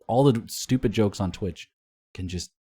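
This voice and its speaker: A laid-back man from Canada co-hosting a casual podcast, teasing his partner and letting his sentences trail off quietly. His voice sits fairly low and he speaks easily. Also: unhurried, husky. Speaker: podcast co-host, music promoter.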